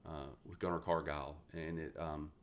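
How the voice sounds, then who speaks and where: A man's voice: very deep voice, moderate pace. A man in his forties from West Virginia, a retired Marine telling stories bluntly and with plenty of swearing as a podcast guest. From West Virginia, USA. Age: 40s. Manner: blunt, profane, animated storyteller. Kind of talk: casual interview storytelling.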